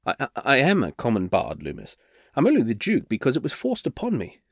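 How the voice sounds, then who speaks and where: A man's voice: medium pitch, huge pitch swings, fairly quick, vocal fry, no echo, clean studio sound, heavily acted. A man voicing a flustered male bard turned reluctant duke, who stammers and hesitates nervously.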